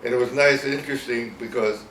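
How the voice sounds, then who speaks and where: A man's voice: mid-range voice, fairly even intonation, quick pace, a bit bright. A man in his eighties with a Southern American accent, telling stories in a rambling, chuckling way during an interview. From Virginia, US. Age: 80s. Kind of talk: casual storytelling interview. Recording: roomy, distant mic with faint noise.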